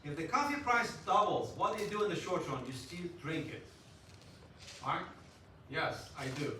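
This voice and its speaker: A man lecturing a university class in an animated way, putting questions to students and joking. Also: sits high, moderate pace, distant mic. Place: lecture hall. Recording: echoey hall, voice from afar, faint noise.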